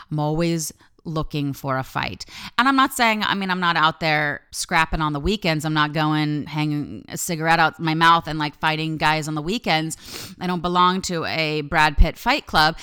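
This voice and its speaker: A woman with a low, smooth voice talks through a reflective personal monologue as a life coach hosting her own podcast. She is candid and emphatic and swears freely. Her delivery stays clear and resonant throughout. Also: moderate pace, sharp tone.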